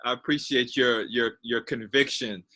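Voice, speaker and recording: A man's voice: mid-range voice, fairly even intonation, normal speed, pushed and bright. A man interviewing a guest, speaking hesitantly and repeating his words as he looks for them. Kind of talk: conversational interview.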